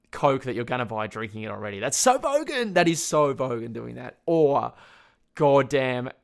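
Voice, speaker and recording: Rambling, swearing Australian guy. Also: medium pitch. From Tasmania, Australia. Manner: rambling, swears a lot, laughs at himself. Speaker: podcast host. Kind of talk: casual solo rant.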